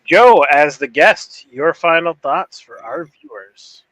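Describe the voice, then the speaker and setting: A man's voice: on the high side, animated, slow, fairly bright tone, no room sound, rough recording. A man co-hosting a podcast in casual chat, laid-back and moving the talk along. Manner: laid-back, wraps up segments. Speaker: podcast co-host.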